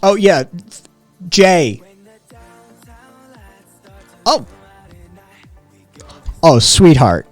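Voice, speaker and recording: A brash man hosts a livestream and talks back to his viewers in a loose, teasing way. He swears freely and needles the people he answers. Faint music plays low behind him. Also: sing-song, extremely slow, long pauses, dry recording. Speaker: livestream host.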